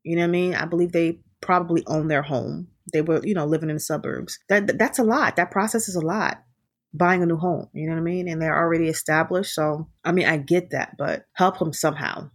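A woman's voice: low voice, fairly quick, slightly rough. A woman recapping a film in casual chat, chatty and full of "you know what I mean".

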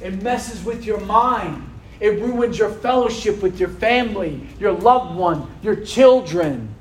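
A man with a notably high voice preaching a sermon in a room full of people. He takes his time, drawing the words out slowly. He keeps asking the listeners questions that expect an answer back. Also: lively intonation. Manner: preaching with rhetorical questions to a responding congregation. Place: room with a congregation.

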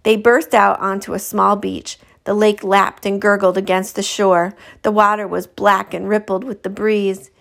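A teacher reads a children's novel aloud to her class, putting expression into the story. Her voice is gravelly, and she goes back to fix her own misreadings. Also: mid-range voice, moderate pace, few pauses. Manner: expressive, self-correcting.

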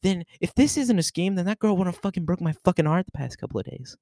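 A man hosting a casual solo podcast, reacting to a news post in a profane, excitable, rambling way into a desk microphone. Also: high-pitched, quick pace, no echo, studio quality. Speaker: podcast host.

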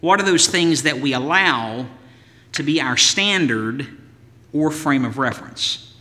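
Male pastor, sermon, bright ringing voice, fairly high pitch, emphatic rhythmic delivery, long hall echo. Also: lively intonation, measured pace. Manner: emphatic, rhythmic lists and rhetorical questions.

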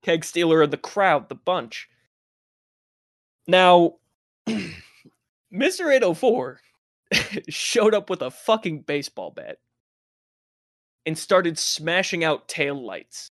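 A young man casually telling a wild high school story, swearing often and laughing between lines. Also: slow pace, long pauses, no echo, studio quality. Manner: profane, laughing, animated anecdote telling.

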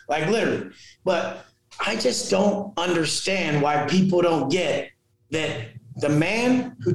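A man who is a fitness and motivational coach, talking as a podcast guest in an intense, forceful way, swearing constantly and acting out the people he quotes. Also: sits high. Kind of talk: intense profane motivational talk. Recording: very echoey room.

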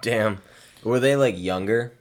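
A man's voice: fairly low pitch, unhurried. A man in his twenties reacting to a story with short exclamations and questions. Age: 20s. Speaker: co-host listener.

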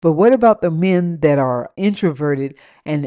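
A young woman hosts her own podcast, ranting and telling stories in a loose, casual way with a slightly low, expressive, warm voice. She mixes blunt, profane advice with quick laughing asides, and the recording is close and dry.

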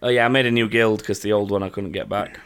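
A man's voice: fairly low pitch, fairly even intonation, fast, a bit bright, clean tone. A man, a podcast host chatting casually and telling stories. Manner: chatty, laughing, storytelling. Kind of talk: casual chat.

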